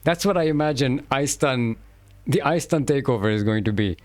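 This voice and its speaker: A man's voice: mid-range voice, lively intonation, brisk, dry recording. A man streaming a game and commenting casually, rambling and joking and laughing often.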